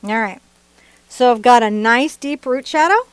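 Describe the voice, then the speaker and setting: A middle-aged woman who teaches painting on a live stream, her voice sitting a little high. She talks in a chatty, playful and excitable way, and laughs easily between her instructions. The sound is dry and close, with no room echo. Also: unhurried, smooth. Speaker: art instructor.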